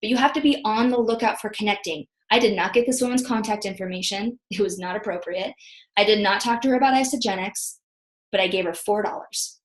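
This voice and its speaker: A woman in her thirties leading a motivational team training call, telling chatty, animated stories. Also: mid-range voice, brisk, reverberant. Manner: chatty, animated storytelling with acted quotes. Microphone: video call.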